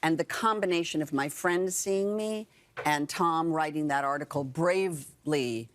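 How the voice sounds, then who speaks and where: A woman's voice: low-pitched, measured pace. A woman in her sixties being interviewed on a morning TV show, speaking earnestly and repeating key phrases for emphasis. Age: 60s. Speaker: guest actor and author. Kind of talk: television interview. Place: morning TV studio.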